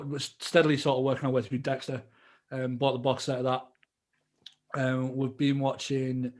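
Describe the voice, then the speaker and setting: A man chatting casually on a podcast, agreeable and hesitant with many ums. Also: medium pitch. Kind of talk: casual chat.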